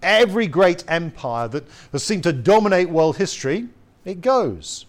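A man preaching a sermon in an earnest, emphatic way, asking his listeners rhetorical questions and slowing down to read scripture. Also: high voice, big pitch swings. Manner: slows down to read scripture quotes.

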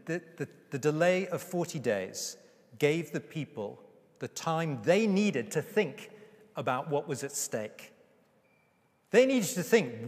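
A man preaching a sermon with emphasis, slowing down to read scripture aloud. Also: medium pitch. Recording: reverberant hall.

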